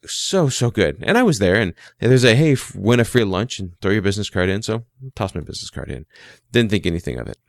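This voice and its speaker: A man's voice: fairly low pitch, sing-song, fast, gravelly, no echo, clean studio sound. Chatty man telling a business story. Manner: chatty, repeats words, acts out quoted dialogue. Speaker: small IT business owner. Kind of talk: casual storytelling and advice.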